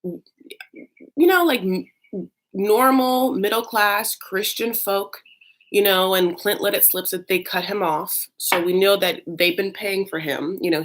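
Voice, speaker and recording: A woman host recapping a reality show in a casual, comic, gossipy way, full of asides. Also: lowish voice.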